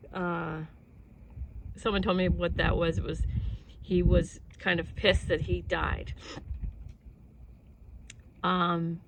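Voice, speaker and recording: A woman's voice: fairly low pitch, gravelly, sharp tone, low-quality recording. A woman musing casually to camera about happiness and freedom. She rambles in an earnest tone, with laughs between thoughts. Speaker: vlogger. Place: outdoors at home with animals.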